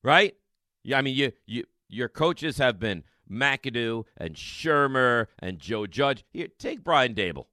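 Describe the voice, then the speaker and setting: A man hosting a sports radio show, talking in an emphatic, excitable monologue full of rhetorical questions and repeated lines. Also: medium pitch, takes it slowly, no echo, clean studio sound.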